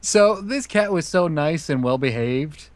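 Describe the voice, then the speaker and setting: Give me an easygoing male gamer with a slightly high voice, recorded dry and close. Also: expressive, unhurried, no echo. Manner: easygoing, laughs between remarks. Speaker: guest player. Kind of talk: casual chat while gaming.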